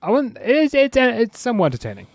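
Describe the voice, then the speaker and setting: A man's voice: very high-pitched, wildly swooping pitch, fast, no room sound, clean studio sound. A man co-hosting a podcast in casual chat, easygoing and teasing as he brings up news items. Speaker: podcast co-host.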